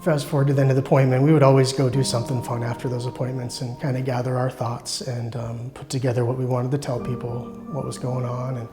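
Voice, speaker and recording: A man's voice: mid-range voice, little pitch movement. Earnest man giving a testimony over music. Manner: earnest, reflective, halting with restarts. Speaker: church member sharing testimony. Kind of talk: personal testimony.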